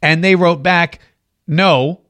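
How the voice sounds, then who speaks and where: A man's voice: high-pitched, expressive, fairly quick, a bit bright. A man hosting his own show, chatting casually and rambling to viewers, often restarting his sentences. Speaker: show host. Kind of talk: casual live-stream chat.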